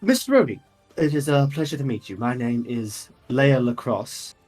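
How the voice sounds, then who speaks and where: A courteous guild representative woman speaks formally in a tabletop game, pausing now and then to choose her words, as a man puts her on. Her voice sits at a middle pitch over faint music. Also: lively intonation, darkish tone, natural voice. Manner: courteous, businesslike, hesitant fillers.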